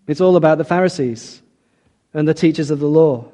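A man's voice: a little high, fairly quick, mellow. A middle-aged man preaching a sermon, earnest and emphatic, often asking rhetorical questions.

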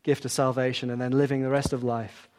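A man's voice: mid-range voice, little pitch movement, a little fast, darkish tone, slight background noise. Earnest older male preacher. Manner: earnest, repetitive emphasis. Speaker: pastor. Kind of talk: sermon.

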